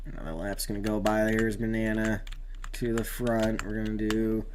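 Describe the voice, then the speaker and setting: A man's voice: on the low side, normal speed, slight background noise. Rambling man commenting on a racing game. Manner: rambling, excitable at near-crashes. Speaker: gamer doing race commentary.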